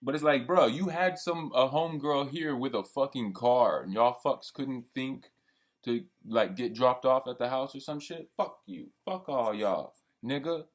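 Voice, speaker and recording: A man's voice: mid-range voice, a little slow. A young man ranting in a heated, profane, rambling monologue. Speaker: vlogger. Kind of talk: venting monologue.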